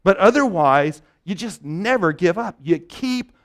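A man's voice: sits high, animated, unhurried. A male pastor preaching a conversational sermon, often restarting phrases and checking in with "right?".

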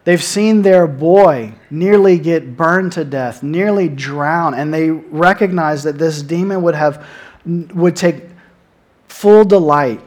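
A man's voice: a little high, darkish tone. A man preaching a sermon in an earnest way, often repeating words as he stresses a point.

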